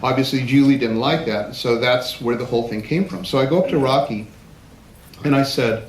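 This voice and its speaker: A man at mid pitch tells anecdotes from the stage of a large event hall, animated and acting out what others said. His voice rings in a roomy space with faint background noise. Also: a little fast. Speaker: speaker giving a platform presentation. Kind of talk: storytelling talk to a live audience.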